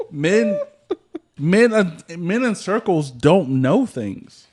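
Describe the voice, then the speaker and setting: A man's voice: high-pitched, very animated, very slow, darkish tone. A man hosting a podcast in casual chat, joking and laid-back, often trailing off and restarting his thoughts. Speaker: podcast host.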